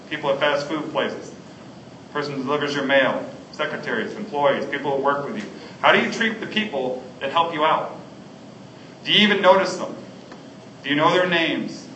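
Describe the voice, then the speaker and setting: A man's voice: medium pitch, sharp tone, a little hiss or hum. A man preaching a sermon as a pastor, earnest and stumbling over restarts and fillers. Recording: echoey hall, distant mic, faint ambience.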